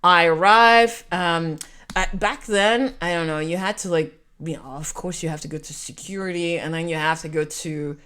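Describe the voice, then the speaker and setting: A woman's voice: on the low side, normal speed, smooth. A woman, telling a rambling personal story in a casual vlog. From Quebec. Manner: animated, rambling, self-interrupting. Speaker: storyteller vlogger.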